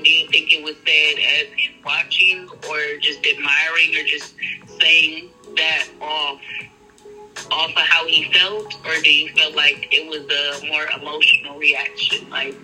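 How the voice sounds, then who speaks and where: A woman's voice: deep voice, low-quality recording. A young adult woman hosting a podcast, chatting casually and asking probing questions. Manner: relaxed, conversational, asks probing questions. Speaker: podcast host. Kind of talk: casual chat.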